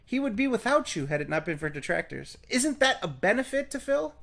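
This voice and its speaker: Pushy, teasing high-voiced man. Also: sing-song, a little fast, creaky, a bit bright. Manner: pushy, teasing, presses his point. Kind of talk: casual argumentative chat.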